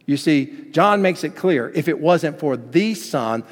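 A pastor preaching with emphasis, acting out the lines he quotes. His voice sits a bit high for a man, and it rings out with a long reverb tail. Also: lively intonation, a little slow. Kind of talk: sermon.

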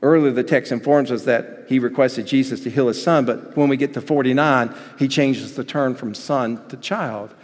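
A male pastor preaching with dynamic swings, dropping to near-hushed tones and then building to emphatic, raised passages. His voice sits at an ordinary mid pitch and carries a long hall reverb. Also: normal speed, few pauses. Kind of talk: sermon.

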